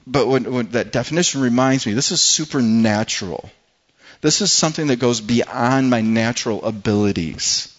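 A man's voice: mid-range voice, normal speed, highs cut off. A man preaching a sermon as pastor in a church, earnest and often repeating his words as he restarts. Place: church hall with congregation.

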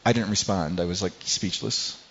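A man preaching a sermon, telling a personal story in a halting way, often repeating words and growing quiet at painful moments. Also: low voice, fairly even intonation, breathy edge. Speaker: pastor. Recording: slightly dull lo-fi sound.

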